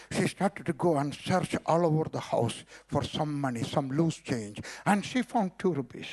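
A man's voice: a little high, animated, normal speed, hardly any pauses, darkish tone. An older man preaching a sermon in English with an Indian accent, telling a testimony in rhythmic, repeated lines punctuated by hallelujahs.

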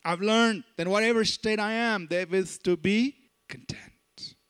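A man preaching a sermon as pastor, emphatic, slowing down on scripture and asking the congregation to respond. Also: high-pitched, a bit bright, clear, resonant tone.

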